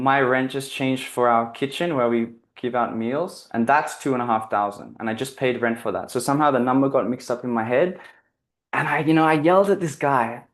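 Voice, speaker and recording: A man at an ordinary mid pitch talks through a personal anecdote that he turns into a spiritual lesson. He rambles earnestly, corrects himself often and fills his sentences with "like". The delivery is loose and conversational, not scripted. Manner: earnest, rambling, self-correcting, heavy use of "like". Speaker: guest speaker on spiritual living. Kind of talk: casual reflective storytelling talk.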